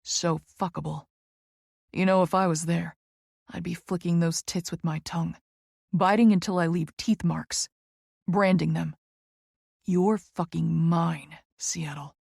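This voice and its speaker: Woman reading a dominant young male lover, low-voiced and gravelly, close and dry audiobook delivery. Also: steady tone, measured pace, pauses often, a little mellow, dry recording, heavily acted. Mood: commanding.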